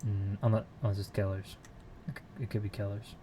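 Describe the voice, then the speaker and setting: A man's voice: fairly low pitch, little pitch movement, fairly quick, background noise. A man on a casual live stream, muttering code aloud to himself while he works and chatting with viewers from a home computer room.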